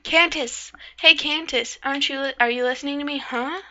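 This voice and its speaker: A woman's voice: high-pitched, flat delivery, fast, bright, forceful tone, voice pushed up. A woman voicing a relentlessly cheerful young girl who talks eagerly and refers to herself in the third person. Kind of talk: amateur visual novel voice reading. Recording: dull lo-fi recording.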